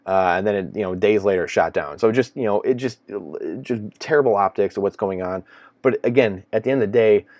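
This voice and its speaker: A low-pitched man talks in a loose, rambling commentary, circling back to the same phrases with an incredulous edge. The sound is dry and close, with no room around his voice. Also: brisk, darkish tone, no room sound. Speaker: finance commentator. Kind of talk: casual solo commentary.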